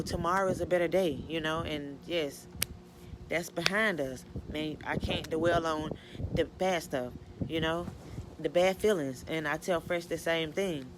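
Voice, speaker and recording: A middle-aged woman from the American South, a mother answering viewer questions in an emotional, halting casual talk full of restarts and "you know". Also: on the low side, a little hiss or hum. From Georgia, US Southern. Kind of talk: casual Q&A chat.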